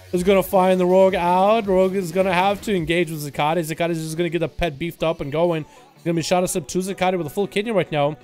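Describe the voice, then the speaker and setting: Young guy casting a game duel, high voice, talks super fast, hype, faint music under it. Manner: excitable, rapid-fire, hype. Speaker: game caster. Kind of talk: esports play-by-play commentary.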